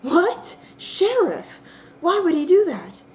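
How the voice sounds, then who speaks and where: A woman voicing a flustered player character in a squeaky, panicky voice. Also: very animated, slow, full character voice. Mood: alarmed.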